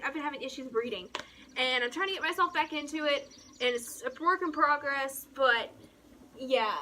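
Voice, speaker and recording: A young woman rambles in a casual vlog, her voice high and bright. She tells stories dramatically, breaking into giggles. She is recorded outdoors on a porch. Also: a little hiss or hum. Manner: animated storyteller, giggly and dramatic. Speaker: book vlogger.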